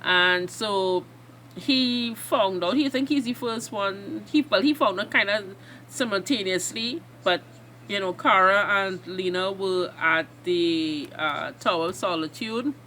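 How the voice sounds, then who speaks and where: A woman hosting a reaction video, excitably and emotionally recapping a TV episode in a rambling way. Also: mid-range voice, unhurried, slight background noise.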